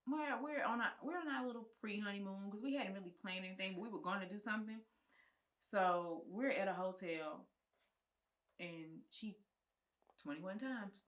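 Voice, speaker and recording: A woman, a guest on a chat show, telling a personal story in casual, colloquial speech and acting out what others said. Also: medium pitch. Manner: animated, acts out the quoted lines of others; colloquial, frank speech with swearing. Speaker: guest, film producer and writer.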